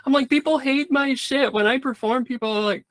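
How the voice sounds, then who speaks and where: A man's voice: very high voice, a little fast, a bit bright, no echo. A man who does stand-up comedy talking in a rambling, candid way, swearing freely in a casual interview.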